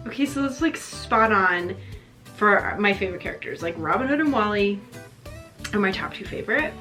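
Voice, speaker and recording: A woman vlogging as she opens gifts, gushing and excited, near tears, with a chatty manner full of fillers. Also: medium pitch, moderate pace, faint music behind. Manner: gushing, excited, breathy gasps, many fillers. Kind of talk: casual vlog chat.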